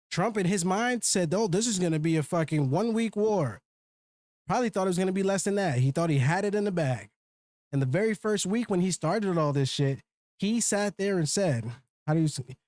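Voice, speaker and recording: A man's voice: a little high, a little mellow. A man hosting a live stream, ranting off the cuff with heavy swearing and rambling fillers. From Minnesota. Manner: heated, profane, rambling with filler words. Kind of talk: unscripted livestream rant.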